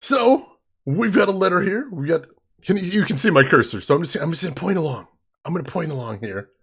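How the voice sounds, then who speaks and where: A husky-voiced man hosts a casual let's play, hamming it up like a showman with mock-grand announcements. His pitch swings widely and sits a touch high. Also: animated, fairly quick. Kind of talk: casual game commentary.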